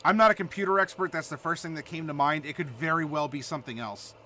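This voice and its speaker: Friendly male streamer, from Ohio, talky and filler-heavy, bright slightly high voice. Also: quick pace, slight background noise. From Ohio, USA. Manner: chatty, reads chat aloud, many fillers. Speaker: streamer host. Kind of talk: casual live-stream chat.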